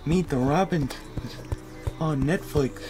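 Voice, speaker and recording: A young man giving rambling comic gameplay commentary, goofy and full of random tangents with deadpan asides. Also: a little high, a little slow, over music, low-quality recording. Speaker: gaming video creator.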